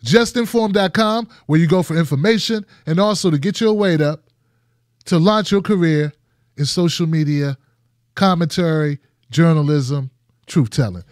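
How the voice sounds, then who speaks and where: High-voiced emphatic male show host. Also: moderate pace, no room sound, clean studio sound. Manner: emphatic and repetitive, restarts phrases. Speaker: host of a political commentary show. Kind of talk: casual monologue to viewers.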